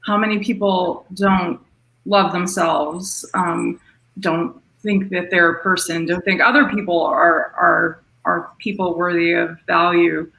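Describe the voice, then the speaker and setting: A woman host reflecting thoughtfully after a recording, pausing with frequent ums. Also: lowish voice, flat delivery, creaky, sharp tone, echoey room, low-quality recording. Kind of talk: reflective commentary.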